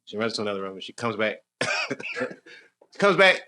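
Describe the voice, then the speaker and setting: Very animated and a little fast, this male comedian has a fairly low, bright, forceful voice. Performing live in a comedy club, he tells a meandering story, laughs at his own jokes, and banters with the audience, whose noise and laughter fill the recording.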